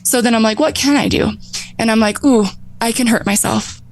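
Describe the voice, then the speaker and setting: Animated woman telling her recovery story. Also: on the high side, moderate pace, low-quality recording. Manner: animated, laughs often, acts out her own past thoughts. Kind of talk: emotional personal storytelling.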